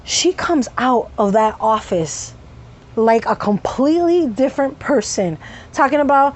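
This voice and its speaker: Woman vlogger, high voice, profane animated storytelling with sudden tic outbursts. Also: unhurried. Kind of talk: casual story time.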